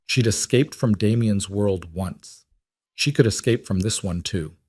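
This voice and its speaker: Low-voiced male audiobook narrator. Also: husky, dry recording, studio quality. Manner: steady, measured storytelling.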